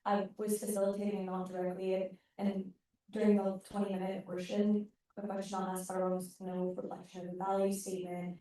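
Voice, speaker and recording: A woman's voice: fairly low pitch, warm tone, a little hiss or hum. Apologetic young woman, echoey and distant. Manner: apologetic, halting with repeated restarts. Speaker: student senate meeting facilitator. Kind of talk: formal meeting remarks. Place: large meeting hall. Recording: echoey room from far off.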